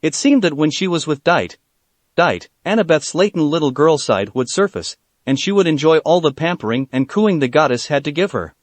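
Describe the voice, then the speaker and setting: A man reading a fan fiction story aloud, his voice rising and falling with lively expression. He sits a little high for a man, and the recording is dry and close with no room sound. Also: moderate pace, no echo. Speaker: narrator.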